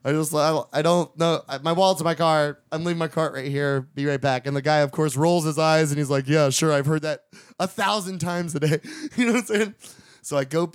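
A man's voice: on the high side, clear, resonant tone, no echo. A man hosting a podcast, casually telling a long profane story in a small studio, acting out what others said and laughing along. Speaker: podcast host.

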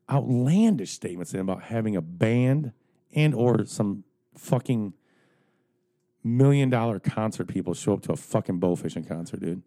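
A man's voice: fairly low pitch, warm tone. A middle-aged man telling stories in casual chat among friends, swearing freely, rambling, and laughing at his own jokes.

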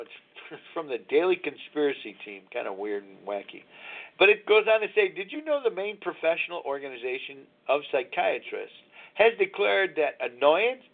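Sixties male host, slightly high voice, rambling confessional monologue over a phone-thin line. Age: 60s. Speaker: radio show host. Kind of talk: candid recovery talk show monologue. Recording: tinny phone-line sound.

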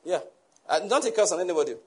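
A man preaching a sermon to a congregation, lively, acting out the people he quotes and laughing often. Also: high-pitched, fast, breathy edge. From Nigeria. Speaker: pastor.

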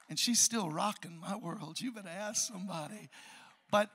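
A pastor, preaching an animated sermon to a congregation and joking with them. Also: male voice, high-pitched, moderate pace, husky. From Chicago, USA. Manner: animated preaching, jokes with the crowd. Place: church hall before a congregation.

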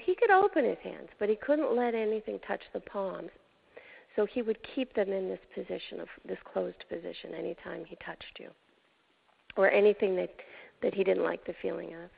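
An older woman hosting a show, telling a personal story with emotion, dramatic pauses and hushed moments. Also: medium pitch, creaky. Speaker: show host. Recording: tinny phone-like sound.

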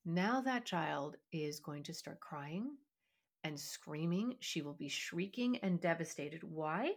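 A woman's voice: deep voice, lively intonation, slow pace. Earnest woman hosting a parenting podcast. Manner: earnest, emphatic, acts out parent and child lines. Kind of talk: solo podcast teaching talk.

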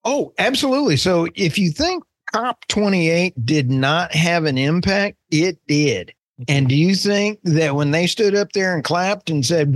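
A man's voice: a little high, expressive, a little slow, no echo. Folksy joking man with an Oklahoma accent. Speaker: podcast co-host. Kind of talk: casual chat.

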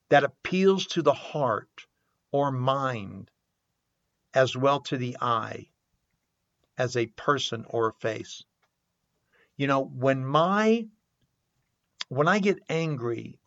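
Slow, earnest older man, dry and dull. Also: mid-range voice, a bit bright, no room sound. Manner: slow, earnest, repeats words and definitions. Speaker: podcast host. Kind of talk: reflective recovery talk.

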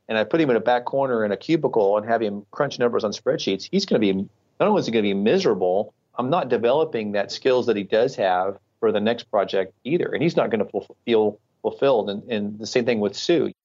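A man's voice: lowish voice, a little mellow, dull audio. A middle-aged man, a retired military officer, earnestly explaining ideas with examples as a podcast guest. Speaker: guest, retired Air Force colonel. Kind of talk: podcast interview answers.

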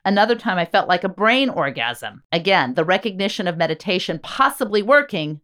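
A woman's voice: medium pitch, expressive, a little fast, fairly bright tone. A woman hosting a podcast in casual chat, telling stories with wry, self-mocking humor. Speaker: podcast host.

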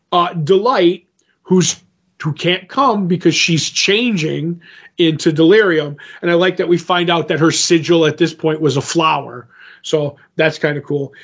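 Higher-voiced man rambling through a recap. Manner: rambling retelling, acts out quotes with "he's like". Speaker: podcast co-host. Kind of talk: casual comic book recap. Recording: dull lo-fi podcast audio.

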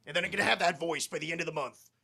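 A man's voice: a little high, very fast, gravelly, pushed and bright, husky. A man hosting a casual podcast, ranting with lots of swearing and breaking off his own sentences. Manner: profane ranting, swearing a lot, self-interrupting. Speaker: podcast host.

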